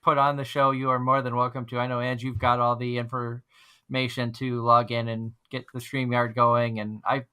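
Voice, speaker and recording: A man's voice: medium pitch, flat delivery, moderate pace, pushed and bright, clean tone. A man hosting an online fan radio show, chatting casually and rambling with frequent restarts. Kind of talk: casual chat.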